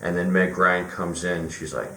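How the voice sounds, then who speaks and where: Deep-voiced, rambling male movie reviewer. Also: steady tone, moderate pace, bright, forceful tone, slight background noise. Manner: rambling, lots of fillers and restarts. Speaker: film reviewer. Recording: roomy echo with faint music.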